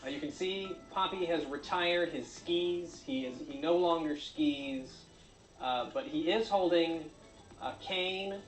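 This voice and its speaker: Deadpan guy narrating a craft vid, kinda high voice, echoey room, faint music. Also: unhurried. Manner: deadpan, with frequent uh fillers. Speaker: craft video creator. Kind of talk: dry comedic narration.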